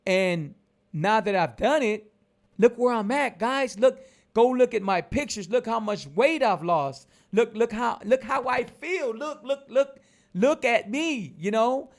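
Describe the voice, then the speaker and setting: Very high-pitched and gravelly, this man in his forties vlogs about keto in an animated yet measured way. His casual motivational talk is preachy and emphatic, hammering the same points repeatedly.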